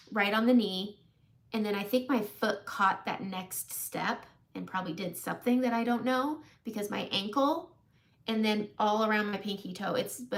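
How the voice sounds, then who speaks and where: A woman in her forties with a medium-pitched, creaky voice tells a long, funny story during a makeup live stream. She's chatty and keeps laughing at herself, making fun of her own mishaps in this casual storytelling chat.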